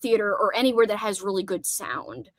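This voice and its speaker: A woman's voice: mid-range voice, a little fast, no echo. A woman hosting a casual livestream hangout, chatty and rambling as she reads comments aloud. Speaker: livestream host. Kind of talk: casual chat.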